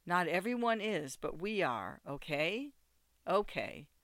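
A man's voice: fairly high pitch, normal speed, bright, forceful tone, clear, resonant tone, dry recording, studio quality. A man voicing a young woman, an urgent and protective friend, talking in a pleading, insistent way.

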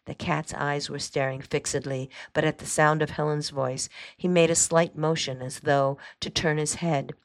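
Woman host, measured storytelling, low pitch, dry close sound. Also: fairly even intonation, dry recording. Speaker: host and reader. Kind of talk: reading a novel aloud.

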